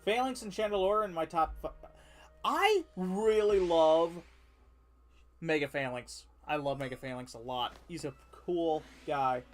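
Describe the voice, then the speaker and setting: Brief: animated, rambling streamer over soft music, laughs mid-sentence. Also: medium pitch, a little slow. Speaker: game streamer. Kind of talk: casual gameplay chat.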